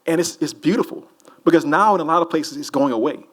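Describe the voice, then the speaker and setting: A man's voice: on the high side, fast talker. Loose, joking man. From New Orleans. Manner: loose, rambling, joking with the crowd. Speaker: author on a festival panel. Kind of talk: casual audience Q&A. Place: festival hall with a live audience.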